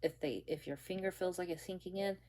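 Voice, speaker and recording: Casting note: young woman with a low voice, casual storyteller, halting and rambly. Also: a little mellow, a little hiss or hum. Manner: rambling, halting, many restarts and fillers. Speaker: bakery worker telling a story.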